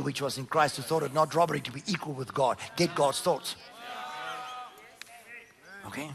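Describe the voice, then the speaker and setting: A man preaching a sermon, reading scripture aloud and commenting on it with emphatic swings between loud declarations and low murmurs. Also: gravelly.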